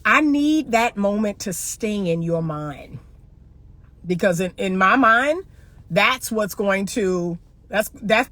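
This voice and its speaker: A woman's voice: mid-range voice, a bit bright, no echo. A middle-aged woman, a relationship coach, talking to camera in a blunt, emphatic, lecturing way and hammering points home with repeated rhetorical questions. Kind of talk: opinionated monologue to camera.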